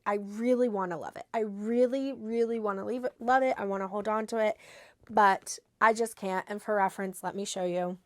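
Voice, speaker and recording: A young woman talks casually to her camera, her voice stuffed up from a head cold. She rambles in a self-deprecating way, trailing off and starting her sentences over. The sound is dry and close, at a middle pitch. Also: dry recording. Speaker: fashion vlogger. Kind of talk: casual try-on haul chat to camera.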